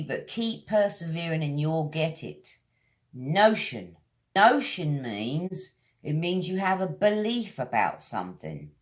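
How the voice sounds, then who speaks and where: A woman with a British accent teaching English vocabulary, drawing each word out slowly as she drills its pronunciation. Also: low voice, big pitch swings. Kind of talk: vocabulary lesson.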